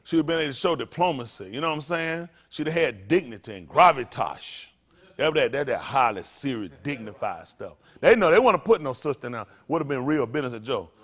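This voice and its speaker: An older man preaching to a congregation, in a folksy, playful way with sudden loud bursts. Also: medium pitch, lively intonation, brisk. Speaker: pastor.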